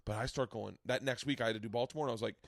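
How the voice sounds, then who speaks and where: A man's voice: mid-range voice, very fast, creaky, no echo, clean studio sound. A man hosting a podcast, telling stories in casual chat, swearing often and acting out quotes. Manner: animated storytelling, swears often, acts out quotes. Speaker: podcast host.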